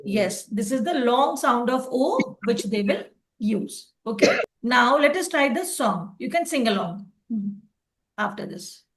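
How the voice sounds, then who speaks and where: High-voiced woman teaching phonics. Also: big pitch swings, unhurried. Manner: explains patiently, often checking with "okay". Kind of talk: online tutoring lesson.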